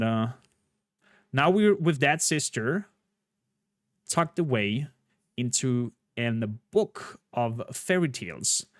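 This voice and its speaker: Male streamer, mid-pitched, chatty rambling commentary, dry close mic. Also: no room sound. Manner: rambling, chatty, with frequent fillers. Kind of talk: casual gameplay commentary. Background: faint game music.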